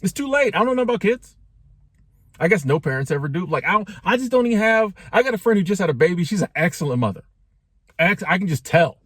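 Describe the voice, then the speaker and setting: A man's voice: high-pitched, very animated, quick pace, a bit bright, no echo, clean studio sound. A man in his forties talking casually in a joking, conversational way, full of slang and asides to his viewers. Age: 40s. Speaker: vlogger. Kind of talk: casual talking-head monologue.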